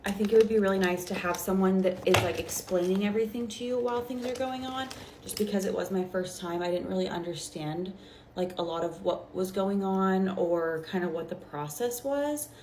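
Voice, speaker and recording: A woman's voice: medium pitch, fairly quick. A young woman vlogger telling a casual storytime while doing her makeup, chatty and full of fillers. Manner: chatty, filler-heavy, animated retelling. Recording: roomy with faint background noise.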